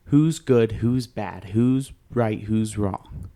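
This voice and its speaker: A man's voice: lowish voice, extremely slow, mellow. A man co-hosting a podcast in casual chat, playful and dramatic, joking as he talks. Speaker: podcast co-host.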